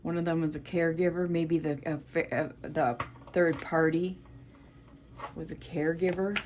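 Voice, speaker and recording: A woman's voice: sits low, steady tone, normal speed, a little mellow, a little hiss or hum. A woman with a Southern US accent giving a solo tarot reading, talking bluntly, swearing freely and addressing her viewers as Collective. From United States. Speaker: tarot reader.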